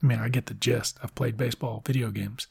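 Gravelly, sarcastic male podcast host. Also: mid-range voice, fairly even intonation, a little mellow, no room sound, studio quality. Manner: sarcastic, rambling, swears a lot, quick asides. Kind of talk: profane comedic book recap.

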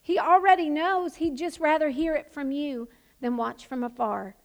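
Woman preacher, high voice, impassioned sermon, emphatic shouts. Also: moderate pace. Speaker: pastor.

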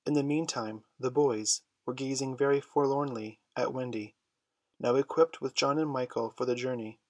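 A man reading a classic children's story aloud, in a measured storytelling manner. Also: mid-range voice, no room sound. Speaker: audiobook reader. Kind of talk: storybook narration.

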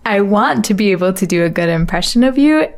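A woman's voice: medium pitch, lively intonation, fairly quick. A woman co-hosting an English lesson, chatting casually and reacting to her partner. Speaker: co-host. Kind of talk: casual chat.

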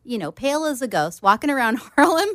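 A woman co-hosting a radio show, telling stories in a lively, animated way. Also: high-pitched, a little fast, dry recording, studio quality. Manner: animated storyteller, acts out quoted voices. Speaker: radio co-host. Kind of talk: casual radio chat.

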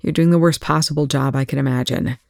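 A gruff male military commander speaks bluntly, as a reader puts him on. The sound is dry and close. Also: mid-range voice, fairly even intonation, quick pace, darkish tone, no room sound, lightly acted.

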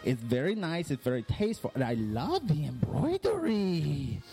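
A man's voice: fairly high pitch, wildly swooping pitch, moderate pace, vocal fry, dark tone, full character voice. A man playing a flamboyant male fashion consultant from Miami with a Cuban accent, campy and theatrical in an improvised comedy bit. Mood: approving. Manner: campy, sassy, theatrical swoops. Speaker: clothing design consultant character.

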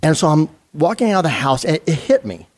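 A man's voice: fairly high pitch, very animated, a little fast, darkish tone. Earnest middle-aged man telling a story. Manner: conversational, earnest, with fillers and restarts. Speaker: retired police sergeant. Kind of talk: storytelling in an interview.

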